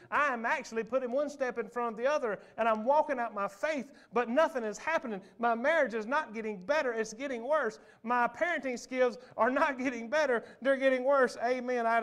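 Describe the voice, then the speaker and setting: A man preaches from the pulpit in a high, lifted voice. He swings between loud bursts and quiet asides, calling out to the congregation as he goes. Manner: animated preaching, calls out to the congregation. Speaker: pastor. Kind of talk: sermon. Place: church sanctuary.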